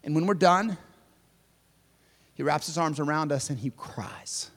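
High-voiced preacher in a big echoing hall. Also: male voice, a little slow. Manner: swings between loud emphatic preaching and soft hushed passages; speaks straight to listeners as "friend" and "y'all". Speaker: pastor. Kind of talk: sermon.

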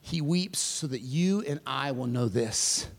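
A man preaching a sermon as pastor. He swings between loud, emphatic lines and soft, hushed passages, and speaks straight to his listeners as "friend". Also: mid-range voice, expressive, a little slow, big-room sound.

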